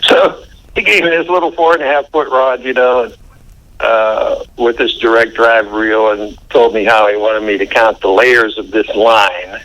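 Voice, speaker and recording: Older man with a bright, forceful voice. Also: lowish voice, fairly even intonation, normal speed, low-quality recording. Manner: chatty, laughs while recounting, folksy. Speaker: interview guest. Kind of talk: anecdotal storytelling interview.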